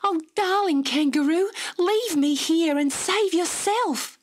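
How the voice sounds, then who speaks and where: A woman doing a small, high-voiced frightened girl. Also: slow, a little hiss or hum. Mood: pleading. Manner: high, breathless and pleading.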